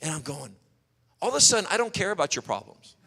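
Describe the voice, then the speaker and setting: A man preaching a sermon, telling animated stories and acting out quotes. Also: on the high side, fast, creaky, slightly rough. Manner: storytelling, animated, acts out quotes. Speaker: pastor. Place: church hall. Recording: long hall reverb.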